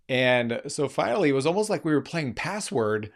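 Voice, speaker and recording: A man's voice: medium pitch, big pitch swings, normal speed, hardly any pauses. A man, a keynote speaker and coach, telling a story in an impromptu live session, earnest and emphatic, often restarting phrases.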